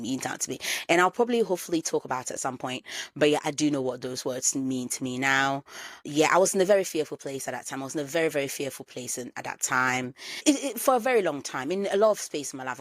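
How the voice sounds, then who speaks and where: A woman's voice: deep voice, fairly quick, dry recording. A woman in her thirties hosting a solo podcast, reflecting candidly and repeating phrases for emphasis. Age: 30s. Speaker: podcast host.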